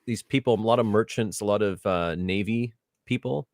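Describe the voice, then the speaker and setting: A middle-aged man with a low voice talks through a home microphone on a video call, and the sound is close and dry. He tells stories in a rambling way, mocks himself and turns lively when he reaches a punchline. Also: moderate pace, no room sound. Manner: rambling, self-deprecating, animated storytelling. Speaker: guest, theatre artistic director. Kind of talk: casual interview over video call. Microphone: home USB microphone on video call.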